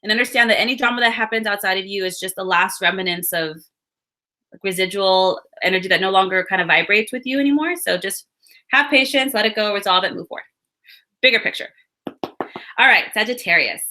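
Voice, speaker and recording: A woman's voice: medium pitch, a little fast, bright, forceful tone. A woman giving a casual, upbeat weekly horoscope and card reading, chatting straight to her viewers. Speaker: astrology and card reader.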